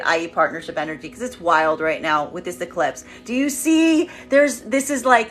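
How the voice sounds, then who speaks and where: A tarot reader gives a collective reading in an emphatic style, often repeating phrases as she voices what the energies are saying. Her voice is mid-range and a bit bright.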